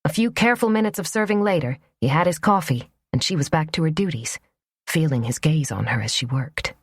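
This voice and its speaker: A woman narrating a romance audiobook in a measured, even storytelling manner. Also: sits low, slightly rough, no echo, studio quality. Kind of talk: scripted narration.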